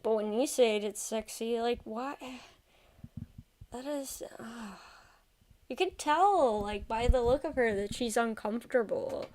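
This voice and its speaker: A woman's voice: a little high, a little slow, darkish tone, slight background noise. A woman streamer commenting casually on a video, exasperated and often restarting her sentences.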